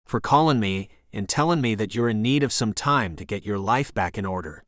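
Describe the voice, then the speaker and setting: A man's voice: lowish voice, lively intonation, brisk, fairly bright tone, dry recording. A male narrator puts on a lilting Irish resort owner, pressing a friend to come and stay. The Irish lilt carries every line of this audiobook figure. The sound is close and dry. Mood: insistent.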